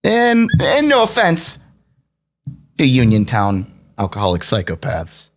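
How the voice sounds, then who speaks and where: A man's voice: mid-range voice, huge pitch swings, measured pace. A young adult man on a podcast, telling a story in casual chat, swearing and laughing as he goes. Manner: profane, laughing anecdote telling. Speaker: podcast guest.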